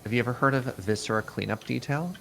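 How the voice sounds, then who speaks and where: A man's voice: mid-range voice, quick pace, creaky, a little hiss or hum. A man chatting casually during a multiplayer game, giving helpful tips to the other players. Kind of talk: casual gameplay chat.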